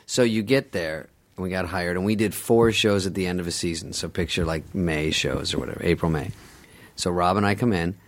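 A middle-aged man sits in on a casual podcast chat and tells comic stories. His voice sits a bit low, and his delivery is wry and sarcastic, with quick impressions of other people thrown in. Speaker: podcast guest, comedian.

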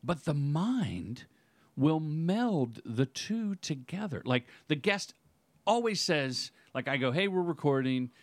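A male podcast guest in casual chat, lively in pitch, walking through explanations with a storyteller's ease. He is heard close up in a dry sound. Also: slow pace, no echo.

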